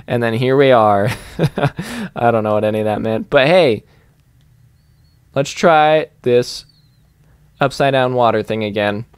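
A man's voice: medium pitch, unhurried, pauses often, clear, resonant tone, no room sound, clean studio sound. A young man playing a video game, rambling and giggling as he thinks aloud in casual commentary. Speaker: gaming YouTuber. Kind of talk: let's play commentary.

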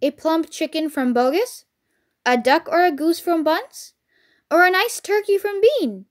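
A woman's voice: extremely high pitch, measured pace, pitched above the performer's own voice. Woman doing a cocky, charming Mister Fox. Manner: cheerful, cocky and affectionate. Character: clever charming male fox, a father.

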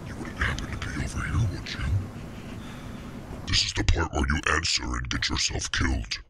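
A man's voice: very deep voice, moderate pace, vocal fry, whispered. A man voicing a hungry male monster that taunts its prey in mock-polite, sing-song threats. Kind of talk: in-character voice chat while gaming.

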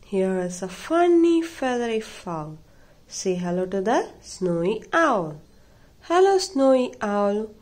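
A woman's voice: mid-range voice, sing-song, takes it slowly, darkish tone. A woman reading a children's picture book aloud in a playful, sing-song way. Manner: sing-song, playful, imitates animal sounds. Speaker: storybook reader.

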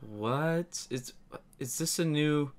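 A young man doing a live reaction, excitable and breaking into shouts. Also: fairly high pitch, slow pace. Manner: excitable, shouts and laughs in bursts. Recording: faint music in the background.

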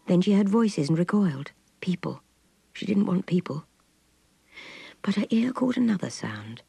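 Lady reading a novel, gravelly husky voice, lots of pitch swing. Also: moderate pace, dry recording. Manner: expressive, soft and intimate. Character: troubled young aristocratic woman, Connie. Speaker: narrator. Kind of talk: audiobook reading.

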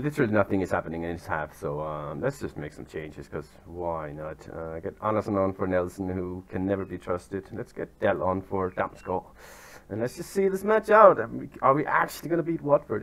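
A young man casually commentating his football management game, chatty and self-deprecating, with sudden excited yelps, recorded outdoors among turkeys. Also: deep voice.

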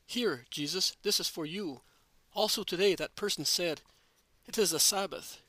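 A man's voice: high-pitched, normal speed, bright, forceful tone, no echo. A man voicing a cheeky, stubborn little village boy. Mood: eager.

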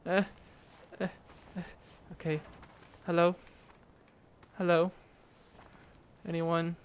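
Speaking slowly in a slightly high, clear and resonant voice with a level tone, this young gaming YouTuber plays a horror game for his viewers. He's jumpy and on edge, filling his talk with fillers and frightened yelps, recorded on a desk mic alongside a face cam.

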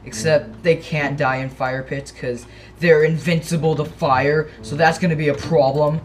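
A young man with a slightly high voice talks through his gameplay in a loose, rambling way. He is jumpy and excitable, breaking into yelps and gasps when something surprises him. Faint game music plays quietly underneath. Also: moderate pace. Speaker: gaming channel host. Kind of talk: casual gameplay commentary.

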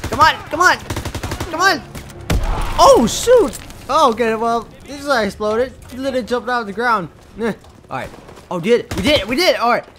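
A man giving excitable let's play commentary, yelling and repeating words in bursts, a bit hoarse from shouting. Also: high-pitched, noisy background. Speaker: gaming video creator. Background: game music and gunfire.

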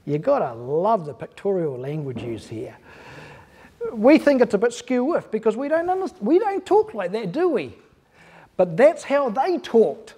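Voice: mid-range voice, sing-song, a little slow, dark tone, breathy edge. A pastor preaching an earnest, emphatic sermon in church, asking the congregation rhetorical questions.

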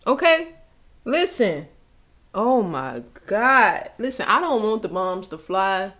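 A woman's voice: medium pitch, big pitch swings, takes it slowly, a bit bright. A woman hosting a reaction video, talking emotionally and exclaiming back at the song. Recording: music playing behind.

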